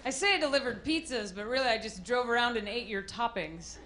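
A woman's voice: on the high side, a little fast. A young woman from Texas with a Texan accent, performing a self-deprecating stand-up comedy set on a club stage. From Amarillo, Texas. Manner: drawling, self-deprecating storytelling with frequent laughs. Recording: live club recording with audience noise.

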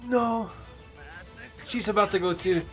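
An anime reaction host giving live commentary, excitable, exclaiming, laughing and swearing often. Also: medium pitch, slow pace, soft background music.

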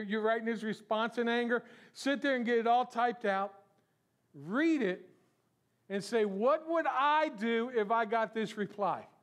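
A man with a notably high voice delivers a sermon in a church. He preaches in a loose, conversational way and keeps asking the congregation questions. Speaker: pastor. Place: church sanctuary.

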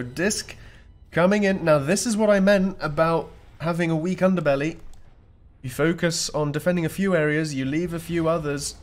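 A man commentating a strategy game replay, chatty and joking with playful asides. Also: a little high.

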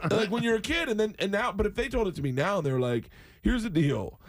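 A man who works as a comedian, telling animated comic stories as a guest in a radio studio and laughing through his lines. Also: sits high, racing, no room sound. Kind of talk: comedic storytelling.

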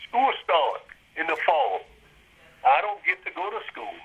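A man's voice: high voice, huge pitch swings, a little slow, gravelly, slightly rough. An older man telling his story in an interview, emphatic and checking in with his listener. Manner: emphatic, acts out quoted people, checks in with "you got me?". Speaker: interviewee, retired college baseball coach. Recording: dull lo-fi interview recording.

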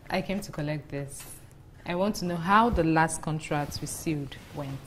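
A woman's voice: sits low, measured pace, slight background noise. A sardonic, marriage-scorning businesswoman. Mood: mocking. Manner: mocking, sardonic. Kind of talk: film acting.

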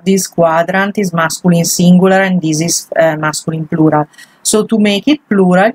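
A woman's voice: lowish voice, a little mellow, slightly rough, no echo, rough recording. A woman, a language teacher, patiently walking through grammar exercises one example at a time. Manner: patient, walks through each example step by step.

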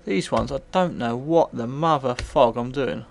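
A man's voice: mid-range voice, unhurried, gravelly, slight background noise. A tipsy man commentating live as he plays and reviews an old computer game, swearing freely and rambling. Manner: sweary, rambling, bursts into excited yells.

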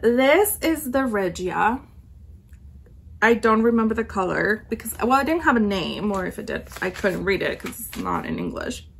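Chatty woman with a gravelly edge. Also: mid-range voice, sing-song, normal speed, a little hiss or hum. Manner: rambling and chatty, with frequent ums and self-corrections. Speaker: knitting podcast host. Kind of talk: casual chat.

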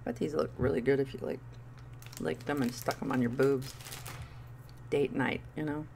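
A woman's voice: extremely low pitch, fairly even intonation, moderate pace, vocal fry, darkish tone, slight background noise. Playful woman reviewing candy on camera. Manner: playful, goofy asides. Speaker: vlogger. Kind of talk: casual candy review vlog.

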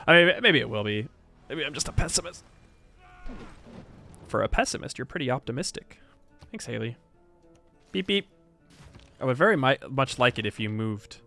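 A streamer provides live, casual commentary on his own strategy game, talking wryly to himself and to the game's characters. His mid-range voice is bright and forceful.

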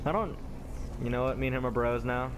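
A young man giving loud, profane gameplay commentary, often swearing and laughing as he plays. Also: medium pitch, brisk, noisy background. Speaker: gamer.

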